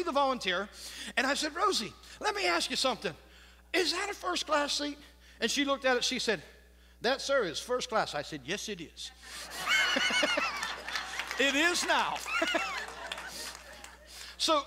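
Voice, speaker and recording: A man's voice: very high voice, bright, forceful tone, slight background noise. A man preaching a sermon as pastor, telling a story with jokes and asking the congregation questions. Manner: storytelling, laughs at own jokes, asks crowd questions. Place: church sanctuary. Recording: long church reverb.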